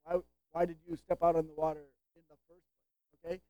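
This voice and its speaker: A woman's voice: medium pitch, animated, quick pace, no room sound. A woman preaching a sermon in a conversational way, with humorous asides and rhetorical questions to her listeners.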